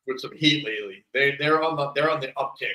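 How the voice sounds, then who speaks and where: A man co-hosting a casual movie podcast, relaxed and opinionated, swearing casually. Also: mid-range voice, fast, reverberant. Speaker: podcast co-host.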